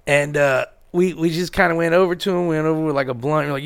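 Gravelly animated male storyteller. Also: quick pace, hardly any pauses. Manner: animated storyteller, drops to low quiet tones for serious parts. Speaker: podcast co-host. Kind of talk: casual profane storytelling chat.

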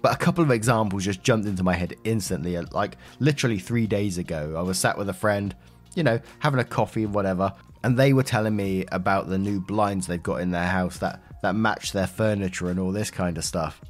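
A man whose voice sits low reads an online post briskly and then chats about it in a relaxed, conversational style, adding fillers and asides. He is a host who reads and comments on such posts, and faint music plays underneath.

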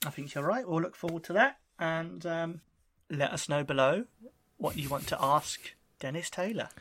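A man's voice: a little high, normal speed, fairly bright tone, a little hiss or hum. A man co-hosting a podcast in casual chat, enthusiastic and teasing, with frequent giggles. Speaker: podcast co-host.

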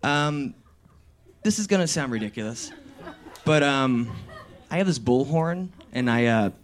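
A young man telling a comic personal story on stage, animated and swearing, laughing and breaking into shouts. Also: mid-range voice, measured pace. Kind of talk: live comedic storytelling.

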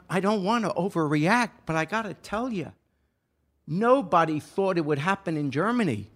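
A man's voice: sits high, fairly bright tone. Earnest older man telling a story. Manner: earnest, grows impassioned and pleading. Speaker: podcast host. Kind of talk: casual personal storytelling.

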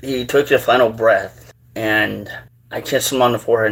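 A man hosting his own show, telling a personal story in a halting, rambling, earnest way. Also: medium pitch, steady tone, a bit bright. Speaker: show host.

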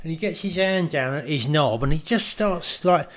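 A man's voice: fairly high pitch, animated, normal speed. A man co-hosting a comic chat, telling crude rambling stories and acting out other people's lines. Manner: crude, rambling storyteller who acts out others' voices. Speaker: comedy podcast co-host.

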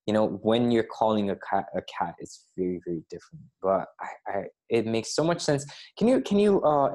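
A man's voice: on the low side, a little mellow. A male host in a conversational interview, talking hesitantly and often repeating words as he thinks.

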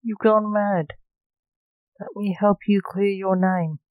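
A woman's voice: mid-range voice, steady tone, slow, no echo, narrow, tinny audio, close to an everyday voice. Woman reading a sarcastic necromancer son. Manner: blunt and sarcastic.

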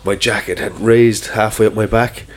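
A man's voice: fairly low pitch, fairly even intonation, moderate pace, slight background noise. A man co-hosting a podcast in casual chat. He swears freely and trails his sentences with "like". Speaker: podcast co-host.

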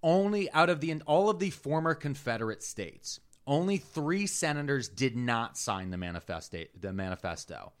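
A man co-hosting a casual podcast, telling political history in an animated way. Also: medium pitch, normal speed, hardly any pauses, smooth. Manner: animated storyteller, reads aloud in a put-on Southern drawl. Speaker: podcast co-host.

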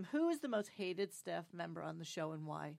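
Lively, laughing podcast interviewer. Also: medium pitch, gravelly. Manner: laughs often, quick reactive questions. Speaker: interviewer host. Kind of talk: casual interview chat.

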